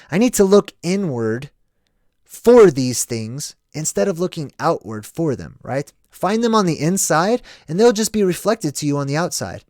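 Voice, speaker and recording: A man's voice: sits high, no echo, studio quality. An American man hosting a casual livestream, rambling and reflective, often checking in with "right?". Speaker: livestream host.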